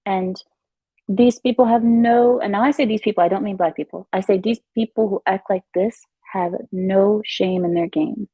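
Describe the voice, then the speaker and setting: A woman with a husky, breathy voice gives chatty, emphatic commentary for her vlog. She speaks at an ordinary mid pitch, and the sound is dry and close. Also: fairly even intonation, normal speed, no room sound, lo-fi sound. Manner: chatty, emphatic, repeats herself, laughs often. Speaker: vlogger. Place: at home in her new house.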